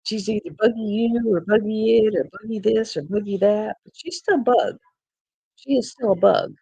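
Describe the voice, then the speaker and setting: A woman's voice: mid-range voice, normal speed, creaky, mellow, breathy edge, no echo. An older woman, hosting a casual craft live stream from home on a laptop, chatting in a rambling way and laughing often. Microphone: laptop mic.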